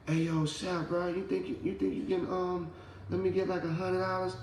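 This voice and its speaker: A man's voice: high voice, little pitch movement, a little mellow, roomy sound, a little hiss or hum, pitched above the performer's own voice. A man playing a sheepish male friend who halts and stammers while asking to borrow money. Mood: pleading. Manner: hesitant, halting asks.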